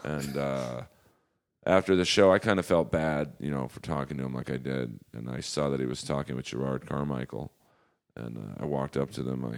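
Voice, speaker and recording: A man with an extremely deep voice and a rough, gravelly fry tells stories in a loose podcast chat. He acts out the people he quotes as he goes. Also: normal speed. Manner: storytelling, acting out quoted exchanges with shifts in loudness. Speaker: comedian guest.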